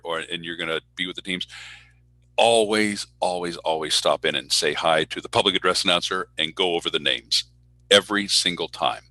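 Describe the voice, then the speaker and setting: A male public address announcer with a low voice and a strong, sharp edge to it. He talks casually over a video call with a dry, close sound, and he slips into other people's voices as he tells his stories. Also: no room sound, poor audio. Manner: animated storyteller who acts out voices in anecdotes. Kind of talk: casual talk in an online speaker Q&A.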